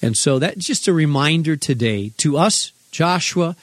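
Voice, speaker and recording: A man's voice: fairly high pitch, expressive, a little slow, no room sound. A man, a senior pastor, talking earnestly with a radio host and encouraging listeners. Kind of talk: radio conversation.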